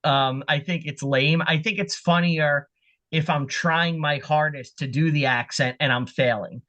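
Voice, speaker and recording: A man with a fairly high voice appearing as a guest on a podcast. He is talkative and tells stories with lively energy. His tone stays casual and conversational. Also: unhurried.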